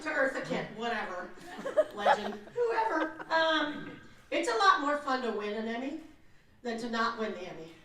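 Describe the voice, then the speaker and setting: A woman's voice: sits high, big pitch swings, normal speed. A woman voice actress speaking on a convention panel, brash and joking as she teases the crowd. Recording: echoey hall, distant mic, crowd.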